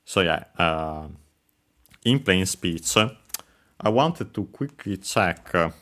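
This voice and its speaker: A man's voice: sits low, lively intonation, slow, fairly bright tone. A man teaching Japanese while playing a video game, hesitant and full of filler words and self-corrections. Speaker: Japanese language teacher streaming gameplay.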